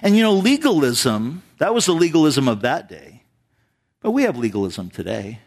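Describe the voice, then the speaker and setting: A man's voice: on the high side, sing-song, moderate pace, a little mellow. A male pastor preaching a sermon in church, talking with the congregation through rhetorical questions.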